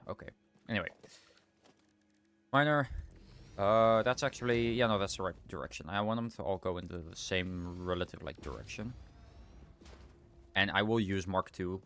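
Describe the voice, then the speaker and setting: A man's voice: sits low, animated, moderate pace, long pauses, fairly bright tone, a little hiss or hum. A young man streaming a game, thinking aloud in rambling casual commentary and often correcting himself. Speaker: livestreamer.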